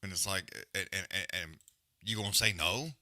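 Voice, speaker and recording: A man's voice: sits low, fairly even intonation, normal speed, bright, forceful tone, no room sound, studio quality. A man hosting a live fight-watch stream, ranting bluntly with heavy swearing and loose slang, then calling the action. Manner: rambling with restarts and trailing mutters. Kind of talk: profane casual rant and fight commentary.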